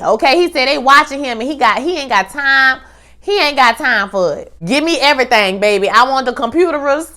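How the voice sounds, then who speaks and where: A young woman with a fairly high voice chats through a TV episode recap. She acts out what the characters say in quick, lively bits and drops slangy asides as she goes. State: pregnant. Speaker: TV recap host.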